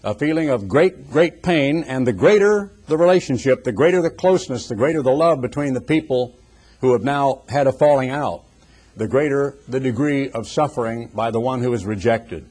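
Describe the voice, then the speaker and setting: A man's voice: medium pitch, moderate pace, a little mellow. An older man preaching a sermon, earnest and building emphasis through repeated phrases.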